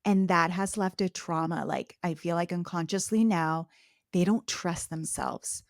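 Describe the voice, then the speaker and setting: A woman hosting a podcast in casual interview chat. She is conversational and agreeing, and her pitch lifts when she quotes others. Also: steady tone, a little slow, no echo, studio quality. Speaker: podcast host, coach.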